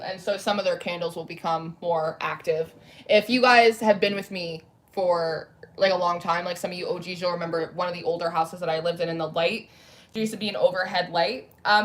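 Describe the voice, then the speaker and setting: Young woman rambling on her live tarot stream, home room lit with candles, chatty and loose. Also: lowish voice. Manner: chatty, rambling, reads and answers comments. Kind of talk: casual livestream chat.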